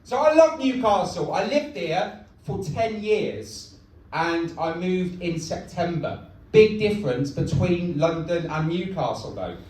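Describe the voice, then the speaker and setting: A young stand-up comedian, deadpan and self-mocking, with a fairly high voice. He is heard from a distance in a very echoey comedy club. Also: measured pace.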